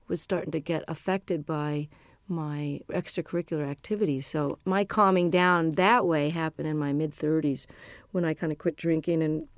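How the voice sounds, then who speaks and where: Low-voiced chatty middle-aged woman. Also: a little mellow, dry recording. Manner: chatty, rambling, frank. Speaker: musician being interviewed. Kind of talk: casual interview chat.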